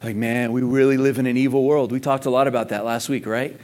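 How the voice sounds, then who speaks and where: A man's voice: medium pitch, fairly even intonation, fast, darkish tone. A man preaching a sermon in a casual, conversational way, full of rhetorical questions and emphasis. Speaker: pastor. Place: church service in Texas.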